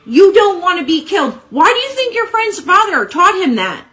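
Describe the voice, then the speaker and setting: A woman defends her position in a heated argument, her very high voice jumping around in pitch. She speaks in halting bursts and gets cut off before she can finish. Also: big pitch swings, a bit bright.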